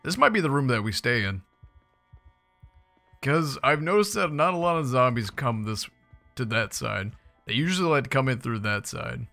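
A man's voice: mid-range voice, expressive, normal speed, vocal fry, bright, forceful tone, faint music behind. A young man giving casual, playful commentary while playing a survival game, chatting to his viewers with jokey asides. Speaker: gaming YouTuber.

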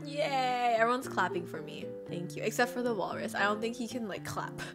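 A young woman from Thailand giving gushing, bubbly gameplay commentary for her channel, with game music behind her. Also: mid-range voice. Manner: gushing, bubbly, fast bursts of excitement. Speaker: gaming YouTuber.

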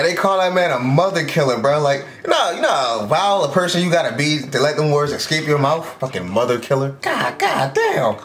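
A man giving excited, casual reaction commentary, exclaiming often in slangy, profane talk. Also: fairly high pitch, roomy sound, a little hiss or hum. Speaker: anime reaction vlogger. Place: home room with orange background lights.

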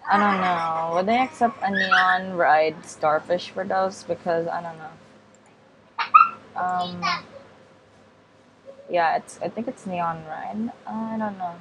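A woman talks her way through a casual game video in a slightly low voice, taking her time. She hesitates often, restarts her sentences and apologizes politely as she goes. Her delivery is unhurried and meandering. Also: animated, very noisy. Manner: hesitant and rambling, many ums and self-corrections; apologetic, repeats polite refusals. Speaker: gaming vlogger.

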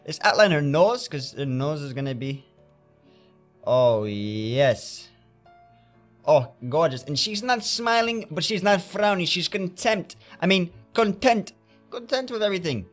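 Animated man narrating his game painting. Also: sits high, moderate pace, faint music behind. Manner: theatrical, talking to himself while painting. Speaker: gamer playing a painting game. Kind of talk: let's play commentary.

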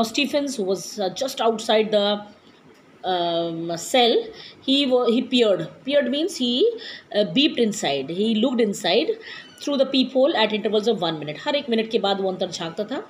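A woman's voice: fairly high pitch, slight background noise, low-quality recording. A woman who reads a story aloud as a teacher and explains each passage, switching into Hindi and hesitating often. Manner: many hesitations and restarts.

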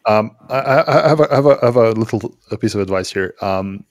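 Halting man co-hosting a tech chat. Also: on the low side, no room sound. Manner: halting, many restarts and fillers. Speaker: co-host. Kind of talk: casual tech discussion.

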